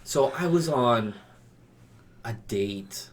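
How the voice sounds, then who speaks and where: A man co-hosting a casual chat, telling stories in an animated way and laughing often. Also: medium pitch, extremely slow, slight background noise. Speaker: podcast co-host.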